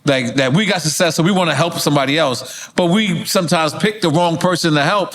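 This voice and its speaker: A man hosting a casual interview podcast, prompting his guest and chiming in with steady affirmations and some swearing. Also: on the high side, a little fast, a little hiss or hum. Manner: frequent backchannel affirmations, swears. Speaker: podcast host.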